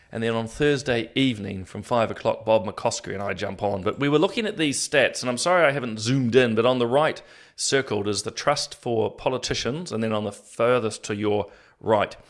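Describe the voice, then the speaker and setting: A man hosting a casual solo commentary show, talking to viewers in a rambling, self-deprecating way with many fillers and restarts. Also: medium pitch.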